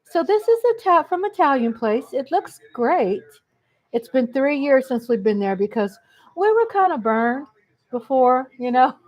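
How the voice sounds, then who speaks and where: A woman hosts a relaxed live chat. Her voice sits high and she takes her time, greeting viewers by name and laughing often. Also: unhurried, rough recording. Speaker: livestream host. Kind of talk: casual live-chat commentary.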